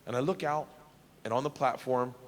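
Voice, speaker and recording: A man doing stand-up storytelling, loud and raucous, shouting his punchlines. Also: mid-range voice, normal speed. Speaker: comedian. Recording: reverberant stage recording.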